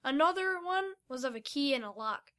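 A woman narrating a storybook with a high, bright voice. Her read-aloud pacing stays steady and clear. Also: normal speed. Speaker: story reader.

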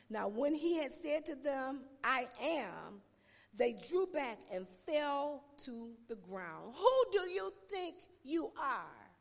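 Slow-preaching woman pastor, gravelly voice. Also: high voice, long reverb tail. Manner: preaching with emphatic pauses and exclamations. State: tired voice. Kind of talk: sermon.

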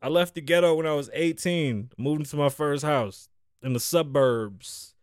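A man's voice: on the high side, moderate pace, smooth, no echo, studio quality. A man from the Bronx, hosting a podcast in loose, profane, riffing chat and teasing his co-host. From the Bronx, New York. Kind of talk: casual freestyle podcast talk.

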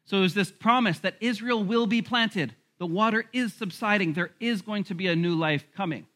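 Bright, high-voiced male pastor preaching. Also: moderate pace. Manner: animated preaching with laughs and asides. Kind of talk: sermon.

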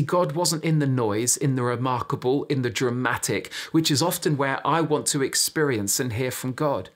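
Husky-voiced man preaching a sermon. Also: on the high side. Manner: conversational storytelling, speaking directly to listeners.

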